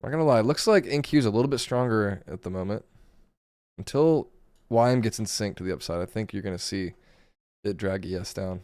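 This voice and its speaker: A man with a hoarse, gravelly voice giving casual live commentary while day trading, thinking aloud over his charts. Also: fairly low pitch, fairly quick, a little mellow, no echo, studio quality. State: hoarse, voice going.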